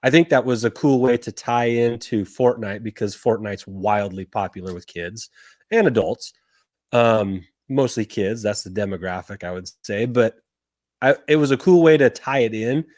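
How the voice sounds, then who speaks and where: A man's voice: fairly low pitch, normal speed, a little mellow, dry recording, studio quality. A man co-hosting a casual podcast over a remote call, speaking hesitantly with fillers. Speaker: podcast co-host.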